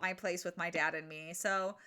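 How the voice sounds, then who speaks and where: A woman's voice: fairly low pitch, fairly even intonation, moderate pace, bright, forceful tone, smooth. A young woman co-hosting a podcast, recapping a book in casual, jokey chat and acting out characters in silly voices. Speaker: podcast co-host.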